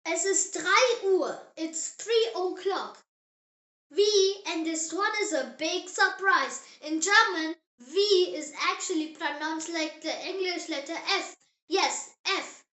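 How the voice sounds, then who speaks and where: A child hosting a scripted language lesson, upbeat and encouraging, spelling out sounds slowly. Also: very high-pitched, pushed and bright. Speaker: language teacher, channel host. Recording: roomy echo.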